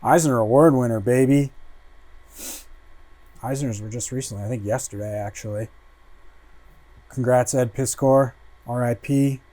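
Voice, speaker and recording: Unhurried man muttering casual asides. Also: mid-range voice, no room sound. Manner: relaxed, muttering asides, swears freely. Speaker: host flipping through a comic. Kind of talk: casual livestream chat.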